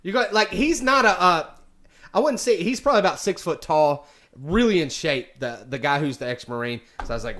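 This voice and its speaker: A man's voice: a little high, lively intonation, fairly quick, a bit bright. A man casually telling a story, rambling with many fillers and restarts. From United States. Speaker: vlogger.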